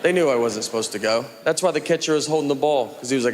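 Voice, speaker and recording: A Southern man doing stand-up in a slow, deadpan drawl, his voice sitting in the middle of the male range. He tells stories to a live crowd, and the laughter and noise of the room come through clearly around his mic. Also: medium pitch. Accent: Southern American. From Tennessee. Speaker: stand-up comedian. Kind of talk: stand-up routine. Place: comedy club stage with laughing audience.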